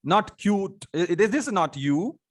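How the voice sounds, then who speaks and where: A man's voice: high-pitched, animated, normal speed. Man teaching English with an Indian accent. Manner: repetitive, stops to ask students questions. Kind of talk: online spoken English class.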